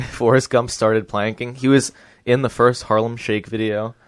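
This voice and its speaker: A man's voice: medium pitch, little pitch movement, moderate pace, clean tone, dry recording, clean studio sound. A young man co-hosting a casual comedy talk show on college radio, laughing and adding joke ideas. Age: young adult. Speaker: co-host.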